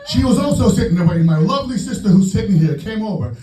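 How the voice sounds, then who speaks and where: A man doing a stand-up set in a comedy club, brash and profane with loud punchlines. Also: high voice, animated, fast talker, background noise. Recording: roomy club sound from far off with crowd. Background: audience laughing.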